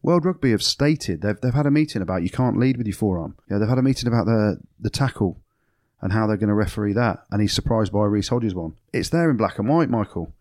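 An English former rugby player hosting a podcast, opinionated and teasing in casual sports banter. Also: male voice, fairly low pitch, animated, fast, darkish tone, no room sound. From England.

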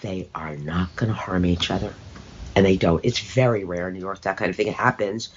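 A woman's voice: very deep voice, brisk, lo-fi sound, slight background noise. An older woman being interviewed, talking in an emphatic, opinionated, sardonic way with rambling asides. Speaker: interview guest. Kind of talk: conversational interview.

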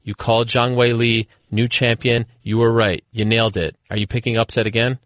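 A man hosting a sports radio show, energetic and excited as he reads promos and takes calls. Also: mid-range voice, brisk, dry recording, clean studio sound. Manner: energetic, excited, hypes upcoming segments. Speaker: radio host.

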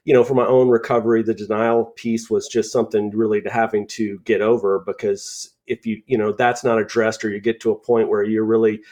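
A man's voice: fairly low pitch, level tone, a little fast, few pauses, darkish tone. A man speaking as a guest on a mental health panel, conversational and peppered with fillers. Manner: conversational, many "you know" fillers. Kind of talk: panel discussion.

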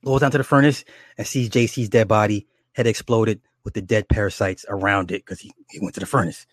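A man casually retelling a horror movie's plot in a rambling, animated and profane way, with many restarts. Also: fairly low pitch, fairly quick, no room sound, clean studio sound. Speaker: storyteller recounting a horror movie.

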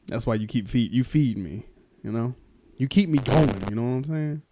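A man's voice: mid-range voice, moderate pace, background noise. A man hosting a casual podcast who teases his co-host, laughs often and tells stories loosely with many fillers. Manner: teasing, animated, laughs often.

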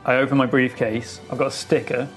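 A man's voice: medium pitch, level tone, fairly quick, fairly bright tone, soft background music. A man playing a tabletop game, casual and a bit hesitant as he describes his moves. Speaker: player.

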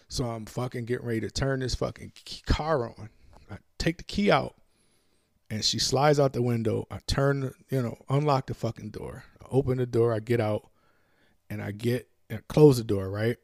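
Male storyteller, gravelly, dry close mic, profane and animated. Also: lowish voice, no echo. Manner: profane, animated retelling with acted-out dialogue. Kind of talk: casual storytelling.

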